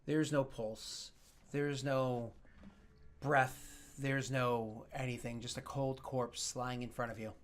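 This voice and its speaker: A man's voice: mid-range voice, steady tone, takes it slowly. A man narrating as game master in a tabletop game, in a casual, filler-heavy way.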